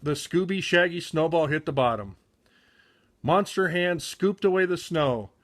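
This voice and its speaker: Slow, lively man reading a storybook. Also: fairly high pitch. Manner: careful, with frequent slips and self-corrections. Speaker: reader of a children's book. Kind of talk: reading a picture book aloud.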